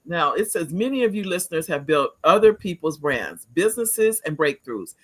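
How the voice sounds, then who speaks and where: An older woman hosts a casual talk show interview. Her voice is slightly husky, and her pitch swings widely as she tells animated stories with frequent laughter. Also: normal speed. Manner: animated storytelling, laughs often.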